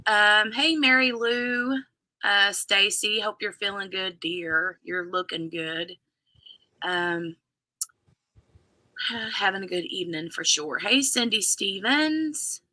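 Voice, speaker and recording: A woman's voice: medium pitch, takes it slowly, bright, forceful tone, no room sound. A woman hosting a casual live stream, chatting and greeting viewers by name. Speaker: livestream host.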